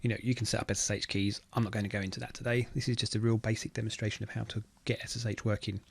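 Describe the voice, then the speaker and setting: Low gravelly man explaining his screen. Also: very fast, slight background noise. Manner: relaxed, thinking aloud while typing. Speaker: automation engineer teaching a tech tutorial. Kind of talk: casual screen-recorded walkthrough.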